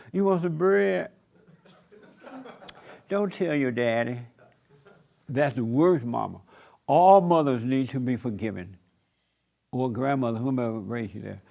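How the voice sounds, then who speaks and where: Man, preacher, emphatic sermon delivery, repetitive folksy cadence, medium pitch. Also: vocal fry. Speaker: pastor.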